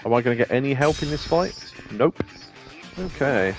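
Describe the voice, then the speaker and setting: A man's voice: medium pitch, animated, normal speed. A young man streaming a game, reading its dialogue aloud between rambling, chuckling asides. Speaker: let's play streamer. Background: faint game music.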